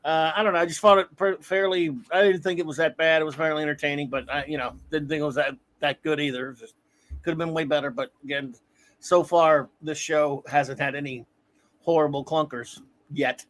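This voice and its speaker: A man's voice: on the high side, fairly even intonation, a little fast, a bit bright. Rambling middle-aged man reviewing episodes. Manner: rambling, self-correcting, chuckles often. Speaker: podcast host. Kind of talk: casual review chat.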